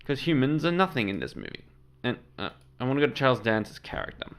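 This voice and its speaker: A man's voice: medium pitch, big pitch swings, fast talker, vocal fry, a bit bright, clean tone. A man of Serbian background hosting his channel, giving casual, rambling reaction commentary on a trailer. He corrects himself as he goes and swears freely. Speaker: channel host.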